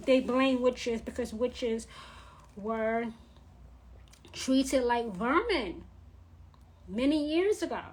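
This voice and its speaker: A woman vlogger ranting in a blunt, profane, scolding monologue. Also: high-pitched. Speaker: witch vlogger.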